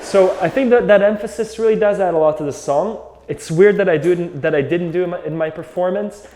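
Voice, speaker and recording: A man with a fairly high voice talks through an accordion lesson, musing out loud in a loose, unhurried way. The room adds a noticeable echo, and faint accordion sounds come in now and then. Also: soft background music. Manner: thinks aloud, loose and reflective. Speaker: accordion teacher. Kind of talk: casual music lesson.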